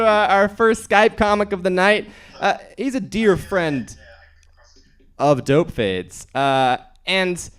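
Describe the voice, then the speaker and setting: A man's voice: on the high side, clear, resonant tone. A man hosting an open mic, rallying applause and introducing comics. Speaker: host.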